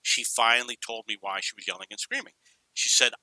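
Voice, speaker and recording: A man's voice: fairly low pitch, big pitch swings, brisk, sharp tone, dry recording, rough recording. A middle-aged man from New York casually telling rambling personal stories, drifting off on tangents. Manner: rambling, digressive, anecdotal. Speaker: storyteller.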